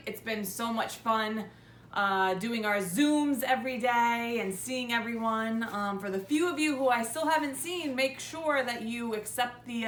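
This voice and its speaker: Teacher reading aloud in an echoey room. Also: female voice, a little high, slight background noise. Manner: friendly, relaxed, with ums. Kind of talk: reading a chapter book aloud to a class.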